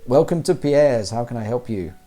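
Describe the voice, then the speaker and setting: A man's voice: mid-range voice, animated, normal speed, mellow, soft background music, natural voice. A man voicing a harried middle-aged male village shopkeeper from a farming video game, polite and put-upon. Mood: welcoming.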